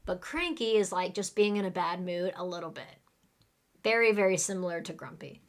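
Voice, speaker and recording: A woman's voice: on the low side, moderate pace. A woman teaches English vocabulary in a live online class. She explains each word in plain, everyday terms and then leads her students through repeat-after-me drills.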